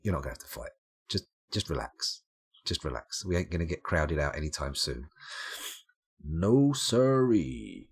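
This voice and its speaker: A man's voice: a bass voice, a little fast, fairly bright tone, husky. A tired young man, rambling and self-mocking as he chats to viewers on a late-night game stream.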